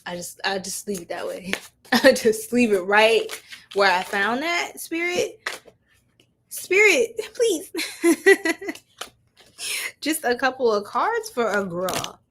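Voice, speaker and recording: A woman's voice: mid-range voice, animated, measured pace, fairly bright tone, slight background noise. A young woman giving a chatty live-stream tarot reading, laughing often and talking straight to her viewers in slang. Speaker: tarot reader.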